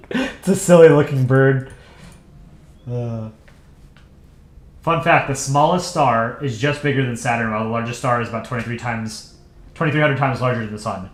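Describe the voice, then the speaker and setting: A man's voice: mid-range voice, moderate pace, long pauses. A man hosting a drawing livestream, chatting offhand and rambling as he thinks aloud, with the odd chuckle. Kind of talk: casual livestream chat while drawing. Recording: roomy echo with faint music behind.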